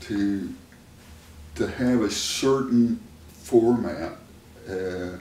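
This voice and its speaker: A man with a lowish voice talks very slowly, in the easy manner of a therapist sharing stories and laughing along the way. He sits some distance from the microphone in a room that rings back, with a faint hiss underneath. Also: a little mellow. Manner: slow, unhurried, laughs often. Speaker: therapist and host. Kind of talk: casual conversational storytelling. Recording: roomy room sound from a distant mic, faint noise.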